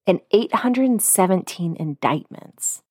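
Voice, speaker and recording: A woman co-hosting a podcast, chatting casually and tossing in quick asides. Her voice sits at an ordinary pitch for a woman. The recording is dry and close. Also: lively intonation, dark tone, slightly rough, no echo. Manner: chatty, quick asides, reads names aloud. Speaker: podcast co-host. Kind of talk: casual chat.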